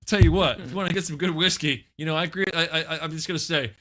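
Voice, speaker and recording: A man's voice: on the high side, very fast, very noisy. A man co-hosting a comedic talk show, delivering crude jokes and mock ad reads. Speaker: co-host.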